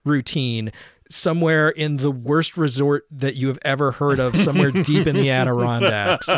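A man's voice: medium pitch, moderate pace, no room sound, clean studio sound. A man chatting casually on a podcast about a movie, with wry, rambling asides. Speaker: podcast co-host. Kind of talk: casual movie review chat.

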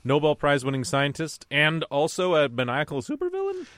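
A man's voice: on the high side, wildly swooping pitch, normal speed, a bit bright, no room sound. A man co-hosting a casual podcast chat, wry and incredulous. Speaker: podcast co-host.

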